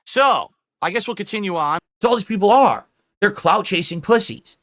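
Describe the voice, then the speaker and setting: A man's voice: high-pitched, animated, moderate pace, fairly bright tone. A man hosting a livestream, ranting heatedly with profanity and mockery. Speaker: streamer host. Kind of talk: livestream rant and chat.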